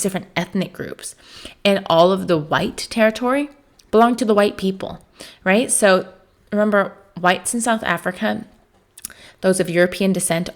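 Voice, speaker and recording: A woman from the United States giving a recorded history lecture as a teacher, talking conversationally with frequent "um" and "right?" fillers. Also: medium pitch. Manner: puts on voices for quoted people.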